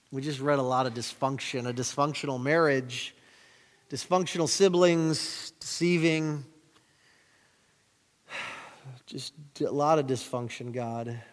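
A man's voice: mid-range voice, fairly even intonation, slow, pauses often. A man preaching as a pastor, reading scripture with plain-spoken, jokey asides and leading a prayer. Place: church sanctuary. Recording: reverberant hall.

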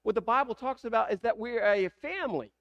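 A man's voice: very high voice, a little fast, fairly bright tone, muffled recording. A man with a Southern American accent preaching a sermon, asking the congregation rhetorical questions. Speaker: pastor.

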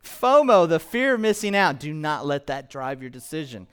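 Male pastor, sermon delivery, animated, quizzes the room, fairly high, resonant voice. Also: normal speed, clear, resonant tone. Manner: animated, quizzes the congregation with questions. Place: church, in front of a congregation.

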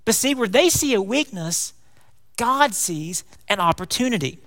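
A man preaching a folksy, animated sermon, calling his congregation y'all. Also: high-pitched, unhurried. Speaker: pastor. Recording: long hall reverb.

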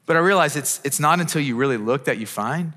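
A man in his thirties preaches to his congregation in an earnest, conversational way, stumbling over and restarting his phrases. His voice sits a little high for a man. The sound carries a long reverb from a large church hall. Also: animated, fast talker, sharp tone. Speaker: pastor. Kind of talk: sermon. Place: church auditorium.

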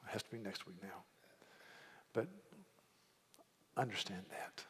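A man's voice: low voice, fairly even intonation, measured pace, a bit bright, slightly rough. A man preaching a sermon, retelling a story and acting out the characters' lines. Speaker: pastor. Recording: long reverb of a large hall.

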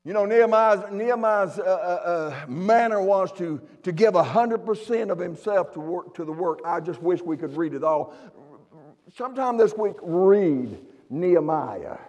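Fervent high-voiced preacher in a reverberant church. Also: male voice, animated, moderate pace, darkish tone. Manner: preaching fervently, repeats and restarts phrases. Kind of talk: sermon. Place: church sanctuary.

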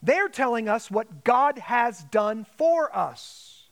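A man's voice: very high-pitched, big pitch swings, slow pace. A man preaching a Sunday sermon as pastor, with dramatic emphasis and quoted asides.

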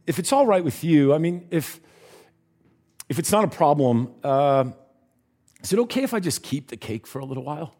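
A man voicing a timid, lonely woman who speaks softly and stammers apologetically. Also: deep voice, very animated, moderate pace, pauses often, husky, exaggerated voice. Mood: shy, hesitant.

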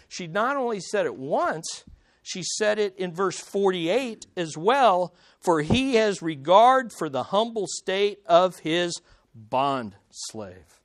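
Male pastor, sermon delivery, lively pitch, unhurried, punches key points. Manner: emphatic, repeats key phrases, acts out quotes. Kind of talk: expository sermon.

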